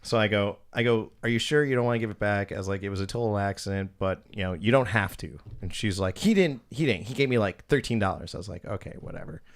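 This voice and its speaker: A man's voice: on the low side, quick pace, few pauses. A young man hosting a podcast, telling long profane stories in casual chat and acting out what people said. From Wisconsin. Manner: profane, rambling, acts out quoted dialogue. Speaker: podcast host, former strip club DJ.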